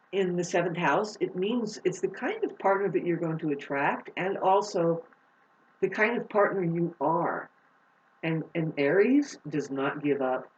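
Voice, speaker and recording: A woman vlogger delivers an unscripted monologue on astrology, swearing freely. She swings from loud, heated outbursts to low, slow explanation. The audio is roomy, distant and dull.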